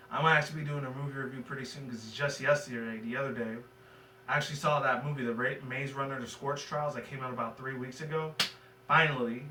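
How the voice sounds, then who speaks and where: A bright-voiced man talks through a cartoon episode in a loose, rambling review, swearing often and wandering between thoughts. He sits back from the mic in a roomy, echoing space. A faint hum runs underneath. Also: medium pitch. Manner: rambling and profane, with loose filler. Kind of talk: casual spoken review. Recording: echoey room, mic at a distance, faint hum.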